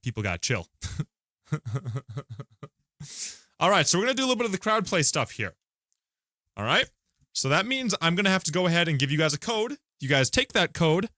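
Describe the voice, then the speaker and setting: A man with a mid-range, sharp-toned voice hosts a game livestream from a room at home, chatting casually with his chat while swearing in frustration at his broken gear, his energy shifting fast. The recording itself is dry and clean like a studio, yet his mic comes through distant, glitchy and distorted into a robotic sound.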